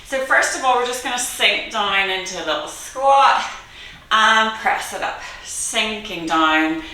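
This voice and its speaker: Bright-voiced woman fitness instructor, echoey room. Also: medium pitch, lively intonation, a little slow. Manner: encouraging, counts reps aloud, laughs often. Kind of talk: guided workout instruction. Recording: very echoey room, mic far off.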